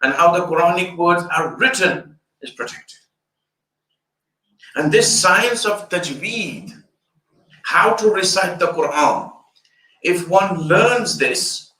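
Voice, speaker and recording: A man's voice: on the high side, bright, forceful tone. An older man, an Islamic scholar, giving an explanatory fundraiser lecture. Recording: echoey room, distant mic.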